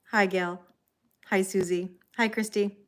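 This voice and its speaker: Tired, chatty Canadian woman. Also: medium pitch. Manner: chatty, greets viewers by name, frequent ums and light laughs. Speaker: tarot reader hosting a livestream. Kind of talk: casual livestream chat.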